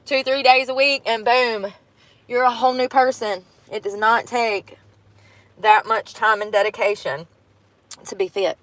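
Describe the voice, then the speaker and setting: A woman's voice: fairly high pitch, steady tone, unhurried, a bit bright, no room sound, poor audio. A woman chatting casually to her viewers as she runs errands, vlogging outdoors and at a laundromat. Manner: chatty, talks to viewers, self-narrating errands. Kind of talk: casual vlog chat.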